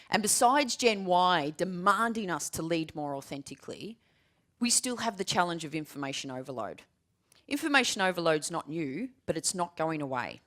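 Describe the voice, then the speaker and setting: A woman in her forties delivering a keynote to a room full of people. Her voice sits low but swings widely in pitch as she jokes, tells stories and hammers home her points with repeated phrases. Her delivery is animated and conversational. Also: normal speed. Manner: lively, humorous storytelling with emphatic repetition. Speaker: keynote speaker. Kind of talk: keynote presentation. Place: large room with a live audience.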